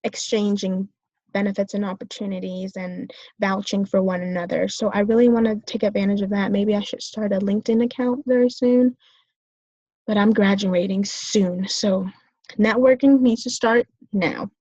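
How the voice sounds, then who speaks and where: A woman's voice: mid-range voice, fairly even intonation, normal speed, warm tone, dry recording. Young woman student talking about herself, lots of ums and likes, restarts a bit, dull dry sound. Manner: hesitant, many fillers and restarts. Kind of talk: self-reflective talk.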